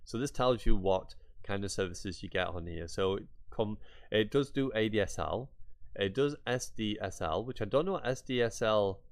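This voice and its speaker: Chatty man with a lowish voice. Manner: chatty, rambling, mock-exasperated asides. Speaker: YouTuber. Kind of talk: screen-share tutorial.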